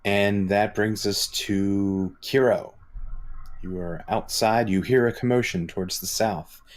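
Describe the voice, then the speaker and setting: Deep-voiced man running a tabletop game. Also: takes it slowly. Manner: relaxed, descriptive narration with fillers. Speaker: dungeon master.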